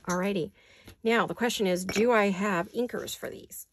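A woman's voice: mid-range voice, normal speed, a little hiss or hum. An older woman chatting casually while doing paper crafts at her desk, rambling with apologetic asides. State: hiccups.

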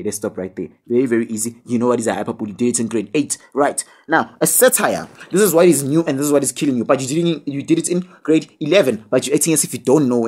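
A man's voice: mid-range voice, darkish tone, breathy edge. Chatty young South African man tutoring. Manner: chatty, scolding and joking, with many fillers and tag questions. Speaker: online tutor. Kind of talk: casual video tutorial.

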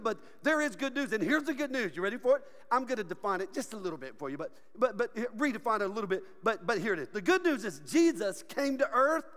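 A man preaching a sermon as pastor, animated and joking, often laughing. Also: extremely high pitch, big-room sound. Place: church sanctuary.

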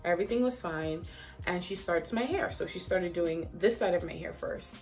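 A woman telling a story in a casual vlog, chatty and animated, leaning on "like" a lot. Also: fairly low pitch, moderate pace, faint music behind. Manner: chatty, animated, heavy use of "like". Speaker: vlogger.

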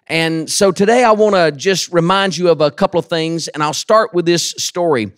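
Male pastor, high-pitched, dry close sound, storytelling sermon that climbs to shouts. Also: normal speed, smooth, no room sound. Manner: folksy storytelling, rising to shouted emphasis. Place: church.

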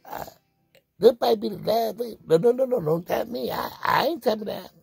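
A man's voice: sits high, moderate pace, gravelly, darkish tone, husky, no room sound. A man vlogging in a crude, joking monologue, laughing often and out of breath. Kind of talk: rambling comic monologue.

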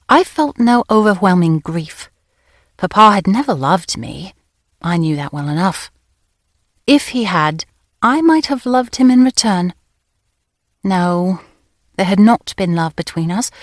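A woman narrating a novel in the first person, with a crisp, wry storytelling manner. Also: on the low side, no echo, clean studio sound. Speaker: audiobook narrator.

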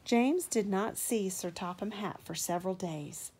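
A woman reads a children's picture book aloud at a slow, unhurried pace. She sits at a middle pitch and lifts her voice whenever a character speaks. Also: darkish tone, husky. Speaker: parent reading aloud.

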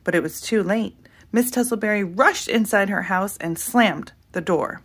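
A woman reading a children's story aloud, steady and middle-pitched. She narrates expressively, lifting and dropping her voice to carry the tale along. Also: normal speed, husky. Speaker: storybook reader. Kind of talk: reading a picture book aloud.

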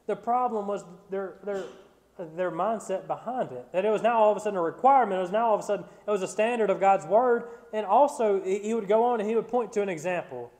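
A man's voice: high voice, a little mellow. A man preaching a Bible study sermon, reading scripture and then explaining it with growing emphasis and frequent restarts. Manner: repeats words when restarting. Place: church sanctuary. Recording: church sanctuary with long reverb.

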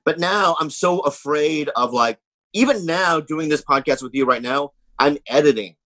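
A man's voice: a little high, moderate pace, fairly bright tone, dry recording. A man guest on a comedy podcast, telling rambling stories in casual chat and saying "you know what I mean" often.

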